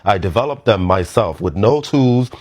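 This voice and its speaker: A man's voice: lowish voice, expressive, normal speed, a little mellow. A man with a Nigerian accent, giving a blunt and emphatic commentary monologue full of swearing. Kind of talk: impassioned social commentary monologue. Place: United States.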